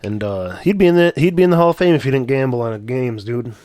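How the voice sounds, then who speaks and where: A man of middle pitch co-hosts a casual podcast, relaxed and brief in his replies. His voice sits close to the mic in a dry space. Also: quick pace, no echo. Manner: laid-back, short agreeing replies, says "dude".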